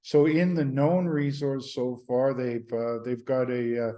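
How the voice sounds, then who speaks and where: A man's voice: medium pitch, fairly even intonation, unhurried, dark tone. A man hosting solo market commentary, speaking with many uh and um fillers and frequent restarts.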